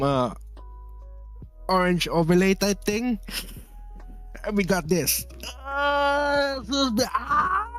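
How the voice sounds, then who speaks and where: A man from the Philippines streaming casually while drawing, rambling, laughing often and reading chat messages aloud. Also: fairly high pitch.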